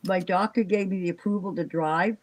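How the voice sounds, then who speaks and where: A worn-out older woman rambles through a casual live stream chat, trailing off with fillers. Her voice is lowish and steady, a little fast, and the audio quality is poor.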